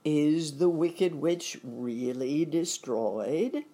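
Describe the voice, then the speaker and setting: Woman putting on a shaky old humbug wizard, stammers a lot, husky, slow. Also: on the low side, wildly swooping pitch, a little mellow, exaggerated voice. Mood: trembling. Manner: stammering, trembling, pleading. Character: timid little old male wizard, a humbug.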